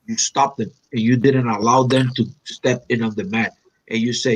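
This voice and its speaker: A man from Puerto Rico reminiscing in an interview, animated and acting out quoted lines with big pitch jumps. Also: normal speed, a little hiss or hum, poor audio. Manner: animated storyteller, acts out quotes with sharp pitch jumps, non-native phrasing. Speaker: interview guest, black belt.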